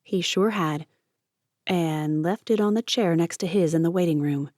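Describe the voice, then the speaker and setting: Woman reading an audiobook, lowish voice, steady, dry close mic. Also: moderate pace, no room sound. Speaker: audiobook narrator. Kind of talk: audiobook narration.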